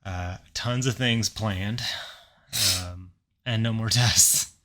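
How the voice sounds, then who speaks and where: Low-voiced man telling a wry story. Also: slow, a bit bright. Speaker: podcast co-host. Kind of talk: casual chat.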